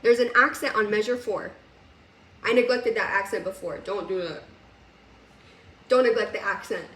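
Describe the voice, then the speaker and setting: A woman's voice: mid-range voice, moderate pace, recorded from a distance, heavy background noise. Chatty woman piano teacher, roomy. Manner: casual, chatty, laughs often. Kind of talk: recorded music lesson. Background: piano playing.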